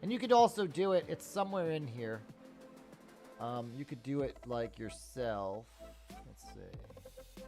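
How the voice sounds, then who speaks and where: A man's voice: medium pitch, measured pace, gravelly, long pauses, over music. A man in his thirties hosting a live stock-trading stream, talking casually and tiredly, then ranting with lots of swearing. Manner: profane, ranting, animated. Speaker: livestream stock trading host. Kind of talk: casual live market commentary.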